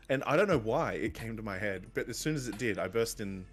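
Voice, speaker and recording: Low-voiced co-host, rambling. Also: male voice, fast, soft background music. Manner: relaxed, rambling storytelling. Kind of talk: casual live-stream chat.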